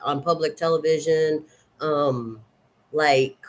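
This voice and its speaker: A woman in her fifties with a Southern accent, chatting loosely to her vlog viewers and rambling through her thoughts with many pauses and fillers. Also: low voice, fairly even intonation, a little hiss or hum. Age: 50s. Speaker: vlogger. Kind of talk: casual chat.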